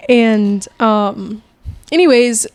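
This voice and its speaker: A young woman with a slightly high voice chats loosely as a podcast co-host, rambling and animated as she tells a story. The sound is dry and close, with little room echo, recorded in a home kitchen. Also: extremely slow. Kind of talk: casual chat.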